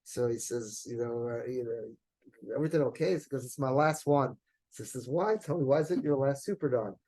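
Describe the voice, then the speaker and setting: A man, a rabbi telling a story in a sermon, animated and at times rising to near-shouting. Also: mid-range voice, brisk, low-quality recording.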